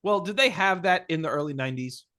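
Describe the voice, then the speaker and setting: A man's voice: on the high side, animated, fast, bright, forceful tone. A man co-hosting a podcast in casual chat, making snarky, profane jokes. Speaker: podcast co-host.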